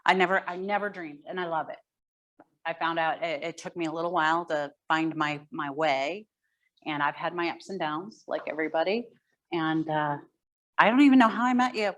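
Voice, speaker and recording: Lowish-voiced woman telling her career story. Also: moderate pace, a bit bright. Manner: conversational, candid, with frequent fillers. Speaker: guest speaker. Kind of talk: fireside chat storytelling.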